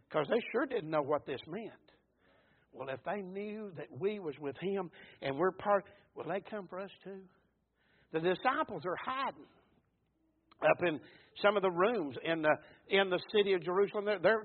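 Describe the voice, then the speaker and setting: High-voiced preacher on a tinny line. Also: male voice. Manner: folksy, repeats words, swells to shouts and drops low. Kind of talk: sermon. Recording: tinny phone-like recording.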